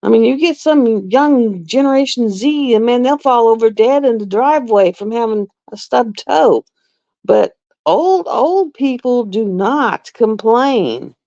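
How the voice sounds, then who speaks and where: A woman's voice: fairly high pitch, expressive, measured pace, warm tone, no echo. A middle-aged woman, a nurse, chatting bluntly and with exasperation on a casual live stream. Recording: dull lo-fi dry live-stream audio.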